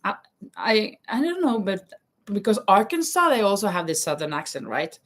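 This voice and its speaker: A woman's voice: medium pitch, sing-song, moderate pace, a bit bright. A woman hosting a casual live stream, chatting while she crochets, reading viewer comments aloud and laughing often. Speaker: livestream host. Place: home in Spain.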